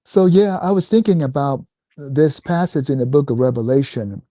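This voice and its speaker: A man who is an author and guest on a talk radio show, speaking deliberately and reading passages aloud. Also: fairly high pitch, warm tone, no room sound. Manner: slow, deliberate, reads scripture aloud.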